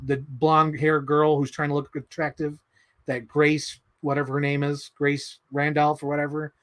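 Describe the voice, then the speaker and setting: A man's voice: fairly high pitch, completely flat delivery, moderate pace, a bit bright. Rambling, swearing male streamer. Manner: rambling, opinionated, swears often. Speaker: livestream host. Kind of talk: casual live-stream chat.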